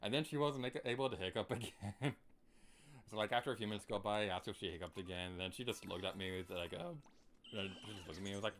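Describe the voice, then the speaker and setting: A man's voice: fairly low pitch, fast, fairly bright tone. A young man chatting casually and playfully while streaming a video game, humming and singing along now and then. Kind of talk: casual gameplay commentary.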